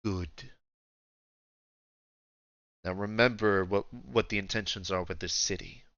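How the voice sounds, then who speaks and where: A man voicing an ancient dragon emperor in human form, refined and domineering, speaking slowly. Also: fairly even intonation, a bit bright, no room sound, highs cut off. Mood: imperious. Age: older. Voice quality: deep, refined voice. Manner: slow, domineering, imperious.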